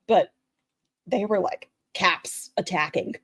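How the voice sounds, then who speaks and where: A woman's voice: mid-range voice, steady tone, normal speed, no room sound. A woman streamer giving blunt, opinionated commentary while reacting to another stream and talking to her chat.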